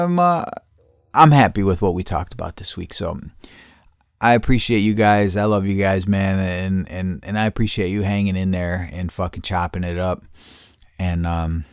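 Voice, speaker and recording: A man's voice: low voice, clean tone, no room sound, clean studio sound. A man hosting a casual chat show, talking loosely, swearing often and laughing between thoughts. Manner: loose, profane, laughing asides. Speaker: podcast host.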